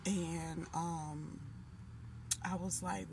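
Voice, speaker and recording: A woman in her late thirties telling a long dream story in a casual, animated way, full of restarts. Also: on the low side, measured pace. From Minnesota. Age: 30s. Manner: animated, emotional retelling with restarts. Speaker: vlogger. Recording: noisy background hiss.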